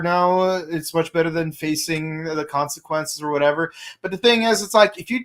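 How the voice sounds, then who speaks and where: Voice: medium pitch, moderate pace, fairly bright tone. A co-host of a live fan review show, talking casually and rambling, with many restarts. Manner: rambling, full of restarts and sung quotes.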